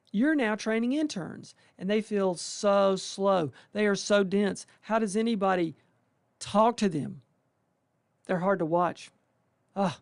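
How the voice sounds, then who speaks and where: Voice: mid-range voice, gravelly, a little mellow, dry recording. A residency faculty member giving a folksy, conversational welcome talk to new interns, now and then acting out the residents' thoughts. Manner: folksy and conversational, with colloquial exclamations; acts out residents' inner thoughts.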